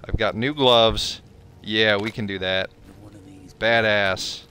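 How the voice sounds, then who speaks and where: A man's voice: lowish voice, fairly even intonation, slow pace, pushed and bright, a little hiss or hum. A man streaming a video game, trash-talking enemies and joking with profanity in casual commentary. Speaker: gameplay streamer. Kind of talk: casual let's-play commentary.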